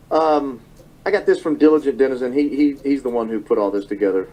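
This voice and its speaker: A man's voice: medium pitch, animated, a little fast, warm tone, rough recording. Emotional man commentating, repeating himself. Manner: emotional, repeats phrases, self-corrects. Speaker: political commentator. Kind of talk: monologue commentary.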